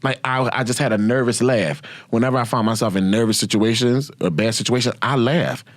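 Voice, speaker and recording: A man hosting his own podcast, telling profane, animated stories about his past and laughing often. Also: mid-range voice, fairly quick, dry recording. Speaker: podcast host. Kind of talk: casual storytelling.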